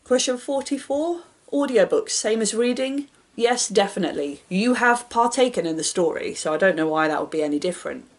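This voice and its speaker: A woman book vlogger in casual chat, reading each question out brightly and answering in an offhand, self-deprecating way. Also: mid-range voice, lively intonation, fairly quick.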